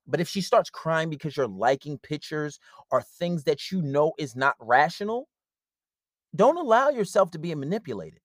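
A man's voice: a little high, very animated, normal speed, dry recording, clean studio sound. A man hosting a podcast, giving blunt, casual relationship advice and acting out bits of quoted dialogue. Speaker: podcast host.

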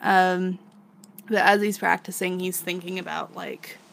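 A woman's voice: on the low side, little pitch movement, measured pace, gravelly, a little hiss or hum. A woman co-hosting a podcast, casually recapping a manga, laughing often and swearing freely as she acts out the characters. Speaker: podcast co-host.

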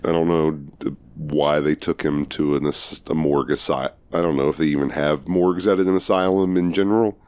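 Very deep-voiced man, casual chat. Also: fairly even intonation, moderate pace, few pauses, a little mellow, smooth. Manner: joking, loose and profane. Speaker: podcast co-host.

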